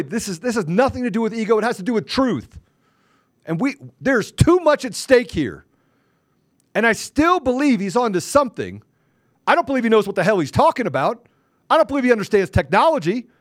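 A man with a high, lively voice, hosting a podcast and launching into a combative, taunting rant. He hammers his points with repeated phrases and mild cursing. The recording is dry and close, with no room sound. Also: no room sound. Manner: curses mildly, repeats phrases for emphasis. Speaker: podcast host.

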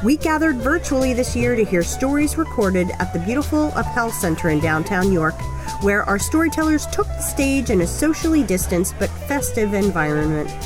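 A woman hosting a podcast, reading a scripted introduction. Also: fairly high pitch. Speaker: podcast host.

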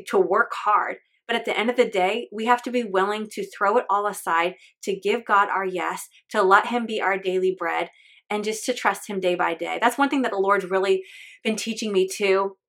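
A woman's voice: medium pitch, a bit bright. A woman hosting a faith podcast, talking in an earnest, candid and chatty way with lots of fillers. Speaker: podcast host.

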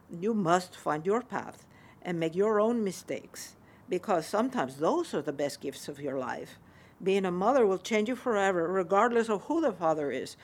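A woman playing a gentle mother. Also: mid-range voice. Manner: gentle, soft-spoken reassurance. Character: loving Spanish mother, older woman, tender and wise.

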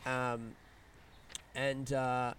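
A young Australian man hosting a casual solo podcast outdoors, rambling through stories in a chatty, rushed way. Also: medium pitch, flat delivery, a bit bright, a little hiss or hum. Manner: rambling, chatty, retelling stories with quoted voices. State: yawning, a bit rushed. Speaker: podcast host. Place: outdoors in a smoking area by a housing estate.

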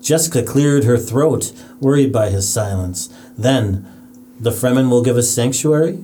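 Man reading a novel aloud, mellow. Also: medium pitch, unhurried, slight background noise. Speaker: podcast co-host reading aloud.

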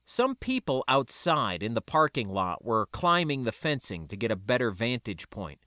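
A man narrating a first-person story aloud in an expressive reading. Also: medium pitch, normal speed, dry recording, studio quality. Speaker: audiobook narrator.

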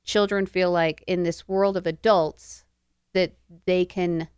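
A woman's voice: lowish voice, fairly even intonation, slow pace, a little mellow, clean tone, no room sound, studio quality. An adult woman co-hosting a podcast, speaking thoughtfully and earnestly in a casual book discussion. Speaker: podcast co-host.

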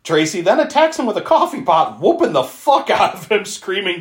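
A man's voice: sits high, big pitch swings, normal speed. A man hosting a podcast, casually recapping a movie, chatty and swearing, laughing often between lines. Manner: chatty, laughs a lot, swears, many fillers. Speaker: podcast host. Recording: roomy echo.

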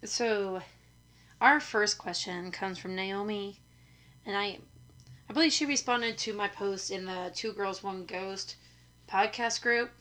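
This is a hoarse young woman chatting into a new microphone for her podcast. Her voice is rough from illness yet bright and forward at an everyday middle pitch. She rambles casually and keeps poking fun at herself. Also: takes it slowly. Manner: chatty, self-deprecating, rambling. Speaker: podcast host. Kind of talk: casual chat. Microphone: studio microphone.

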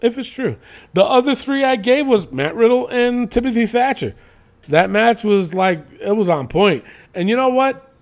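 A man's voice: high voice, normal speed. A man co-hosting a casual podcast, ranting and cursing as he talks. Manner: animated, ranting, profane. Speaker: podcast co-host. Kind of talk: casual wrestling podcast chat.

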